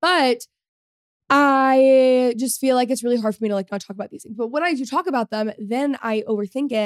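A woman's voice: fairly high pitch, brisk, no room sound, clean studio sound. A woman in her twenties hosting a solo podcast, chatting casually and rambling with lots of fillers. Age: 20s. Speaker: podcast host.

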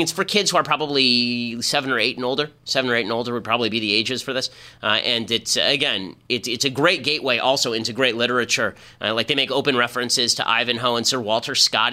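Combative bright-voiced male commentator. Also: medium pitch. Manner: fast, combative, mocking. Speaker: podcast host. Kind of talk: opinion commentary monologue.

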